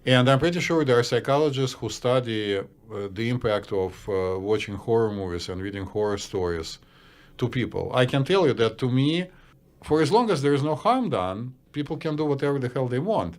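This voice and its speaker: A man with a Russian accent, a psychiatrist co-hosting a casual podcast chat, blunt and opinionated, often pausing on "uh". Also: mid-range voice, lively intonation. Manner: blunt, opinionated, hesitant with uh fillers. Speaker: psychiatrist co-host.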